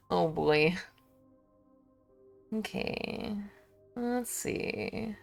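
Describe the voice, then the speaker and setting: A young woman streamer rambles through her online shopping, talking to herself and laughing easily. Her voice has a gravelly fry to it and swings widely in pitch as she goes. She talks slowly, with soft music underneath. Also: expressive. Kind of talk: casual stream chat.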